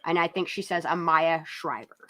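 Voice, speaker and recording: A woman's voice: low-pitched, normal speed, heavy background noise. A woman hosting a casual true-crime commentary, talking bluntly and sarcastically, with profanity, over a video she is playing. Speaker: channel host.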